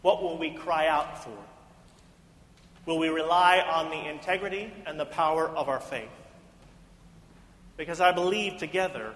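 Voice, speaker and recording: Earnest preacher in an echoing hall. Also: male voice, fairly high pitch, normal speed, pauses often, fairly bright tone. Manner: earnest, rhetorical, builds to emphatic questions. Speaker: pastor. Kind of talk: sermon. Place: house of worship. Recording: echoey hall reverb.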